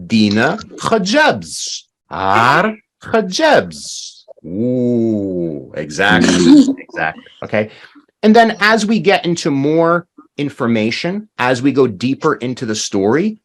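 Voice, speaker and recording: A man leads an online language class, his pitch rising and falling in an animated way. He models new words slowly and emphatically, often repeating them so learners can hear each one clearly. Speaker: language teacher.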